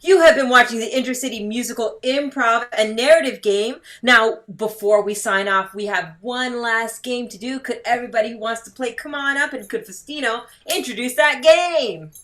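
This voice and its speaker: Woman emcee, upbeat and brisk, cueing speakers. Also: on the high side, a bit bright. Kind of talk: hosting an online improv show. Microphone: video call.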